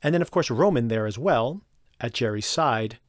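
A man hosting a solo podcast, recapping a TV episode in an animated, conversational way and acting out characters' lines. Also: medium pitch, moderate pace, no room sound, clean studio sound. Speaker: podcast host.

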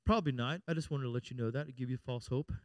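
A middle-aged man, a pastor preaching a sermon, calling out "Amen?" and moving between loud and hushed passages. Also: medium pitch, racing, no echo. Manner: preaching with call-and-response "Amen?" and swings between loud and quiet.

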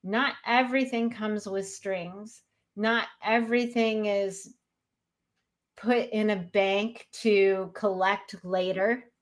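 A woman's voice: mid-range voice, steady tone, slow. A woman speaks in an earnest, reflective way in a casual talk about grief. Her voice sits in a middle range. She brings more energy when she acts out the people she quotes.

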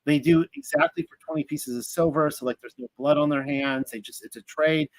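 Man reading scripture, higher voice. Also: fairly quick, no echo, rough recording. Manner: casual, thinks aloud with fillers and restarts. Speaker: Bible study teacher.

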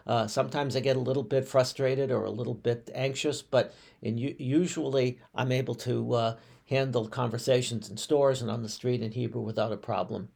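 A man's voice: medium pitch, fairly even intonation, vocal fry, a little mellow, slightly rough. A man, a rabbi telling personal stories on a podcast in a reflective way, often restarting his sentences. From United States. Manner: reflective, unhurried, with frequent restarts and fillers.

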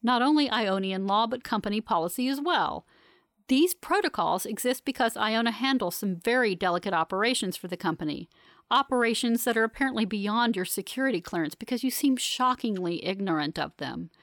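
A woman voicing a stern male security commander with a measured, blunt manner. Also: a little high, expressive, a bit bright, no echo, clean studio sound.

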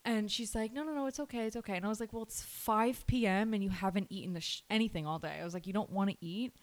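A woman's voice: mid-range voice, fairly even intonation, quick pace. A woman in her twenties, co-hosting a casual podcast chat, talking in a chatty way with swearing and laughs. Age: 20s. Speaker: podcast co-host.

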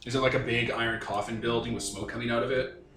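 A man's voice: medium pitch, steady tone, quick pace, reverberant, background noise. A man narrating as game master, rambling through descriptions with lots of fillers.

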